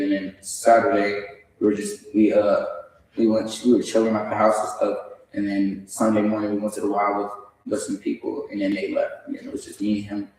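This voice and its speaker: A young man stands before the court and speaks through tears, halting, remorseful and repeating himself. His voice sits low. The sound is a long echoing hall, picked up from well back from the microphone. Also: darkish tone. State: crying. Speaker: defendant at sentencing. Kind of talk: courtroom statement. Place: large echoey courtroom. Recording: echoey courtroom from far off.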